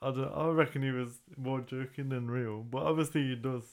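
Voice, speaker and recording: A man's voice: medium pitch, steady tone, a little fast. A young man, co-hosting a podcast in casual chat, laid-back and slangy as he reasons things out. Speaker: podcast co-host.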